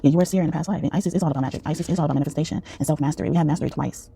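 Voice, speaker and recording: A man's voice: a little high, fairly even intonation, very fast, vocal fry, dark tone, husky. A man giving a casual, rambling tarot reading, full of fillers and restarts. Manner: rambling, many fillers and restarts, frequent laughs. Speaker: tarot reader.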